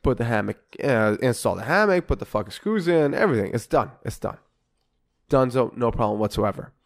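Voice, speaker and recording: A man of middle pitch co-hosting a casual podcast and telling a story about a run-in with a neighbor. He swears in nearly every sentence and jumps into the voices of the people he quotes, so the delivery stays lively and conversational. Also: a little fast, gravelly. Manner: swears constantly, animated, acts out both sides of quoted arguments. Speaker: podcast co-host.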